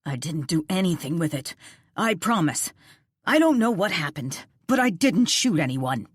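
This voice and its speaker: A woman's voice: fairly low pitch, very animated, normal speed, no room sound, clean studio sound. A woman narrator voicing a scared, stammering man who pleads his innocence, in an audiobook. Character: frightened stammering man caught at a killing. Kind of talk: audiobook character voice.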